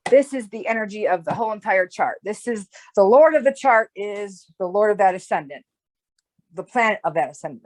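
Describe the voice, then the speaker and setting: A woman in a casual conversation, explaining ideas at length in a rambling way, often checking in with "right?". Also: medium pitch. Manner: rambling, with restarts and "right?" tags. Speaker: astrologer guest.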